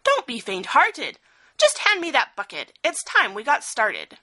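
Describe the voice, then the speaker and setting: A woman's voice: sits high, huge pitch swings, measured pace, sharp tone, full character voice. A woman voicing a wise, determined old male elephant in a storybook reading, earnest in manner.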